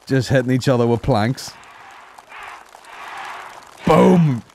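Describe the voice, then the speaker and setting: A man's voice: fairly low pitch, moderate pace, a little mellow, some chatter behind, slight background noise. A man hosting a comedy podcast, rambling and swearing freely in casual banter on a close mic. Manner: sweary, rambling, laughs at his own jokes. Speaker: podcast host.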